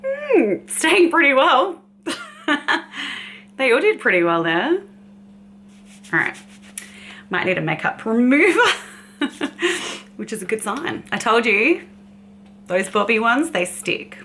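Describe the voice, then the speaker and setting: A bubbly woman vlogger talks through her makeup in a casual, chatty way. Her voice is bright and forward, with light laughter between her sentences. A faint hum sits behind her. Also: on the high side, big pitch swings, takes it slowly, pauses often. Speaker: beauty vlogger. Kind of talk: casual makeup swatching chat.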